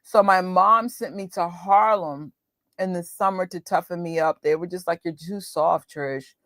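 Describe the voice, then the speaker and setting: Casual New York woman in her thirties, talky stream host, low register, no room. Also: steady tone, moderate pace, a bit bright, dry recording, clean studio sound. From New York, USA. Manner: chatty, laughing, quotes voices. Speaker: watch party host. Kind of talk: casual chat with live viewers.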